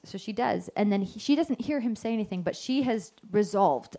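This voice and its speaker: A woman's voice: mid-range voice, animated, normal speed, few pauses, warm tone. Chatty woman giving a devotional talk. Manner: chatty, self-correcting, acts out quotes. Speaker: Bible teacher. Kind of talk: informal devotional teaching.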